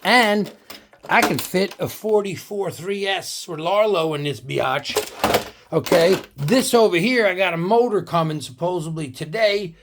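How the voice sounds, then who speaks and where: A man's voice: high voice, unhurried, noisy background. A man, a bit tipsy, rambling profanely and joking as he shows off his RC cars. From New Jersey. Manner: profane, rambling, joking, says "right?" often. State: tipsy from drinks. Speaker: RC car hobby vlogger. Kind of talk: casual tipsy chat to camera.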